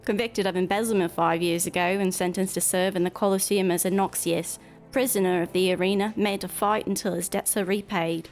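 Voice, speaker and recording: Woman voicing scheming game guildmaster, smug, put-on accent, formal, middle pitch. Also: fairly even intonation, a little fast, faint music behind, close to an everyday voice.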